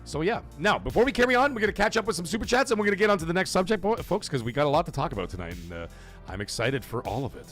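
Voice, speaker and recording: Hyped-up gaming stream host. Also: male voice, fairly high pitch, rapid-fire, soft background music. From Canada. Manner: excitable, bursts into loud hype shouts. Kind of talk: live stream chat, reading super chats.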